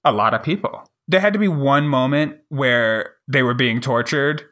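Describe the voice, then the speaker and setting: A man on a casual podcast, telling a story in a profane, animated way and acting out the people in it. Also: medium pitch, moderate pace. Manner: profane, animated retelling with acted-out quotes. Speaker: podcast co-host.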